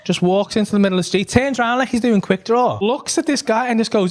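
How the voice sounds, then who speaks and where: A man doing stand-up with a high voice that leaps all over the place. He bursts into loud put-on voices as he tells his tale. The live club recording carries clear background noise and laughter. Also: fast, hardly any pauses. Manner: animated, acts out characters with shouted voices. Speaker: stand-up comedian. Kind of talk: stand-up storytelling. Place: comedy club stage. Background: audience laughter.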